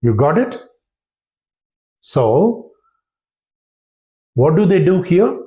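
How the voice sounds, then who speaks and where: A man teaching pronunciation in a slow, deliberate classroom manner, repeating example phrases and checking that listeners follow. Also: a little high, sing-song, dark tone.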